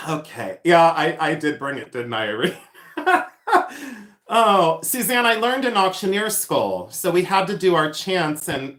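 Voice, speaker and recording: A man with a fairly high, fairly bright voice hosts a casual livestream selling vintage jewelry. He reads out viewer comments and rambles with lots of ums and laughter, and the recording has an echoey room sound.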